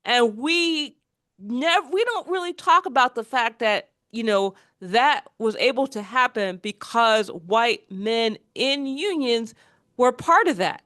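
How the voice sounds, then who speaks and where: A woman hosting a casual political chat, animated and quick to mock the voices she quotes. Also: fairly high pitch, no echo, clean studio sound. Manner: animated, mocking quoted voices, frequent restarts. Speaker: podcast host.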